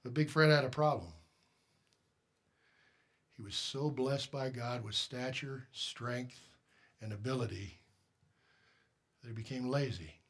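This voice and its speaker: A man's voice: medium pitch, slow, long pauses, husky. A man preaching a sermon as pastor, emphatic and direct, firing rhetorical questions at the congregation.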